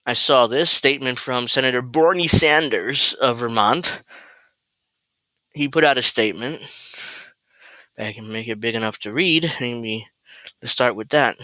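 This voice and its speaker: A man's voice: mid-range voice, a little slow, pauses often, pushed and bright, no room sound. A man hosting a casual political commentary livestream from home, talking in a rambling, sardonic way and swearing freely. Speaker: host. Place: at home, cooking while streaming.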